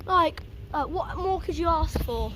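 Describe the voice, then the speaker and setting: A woman filming a thunderstorm outdoors for her vlog, gasping and crying out excitedly to viewers as rain and thunder sound around her. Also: very high-pitched, a little slow. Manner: excitable, gasping exclamations, repeated "oh my God". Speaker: storm-chasing vlogger. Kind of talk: live storm vlog, talking to viewers. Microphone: handheld or propped camera. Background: rain, wind and thunder.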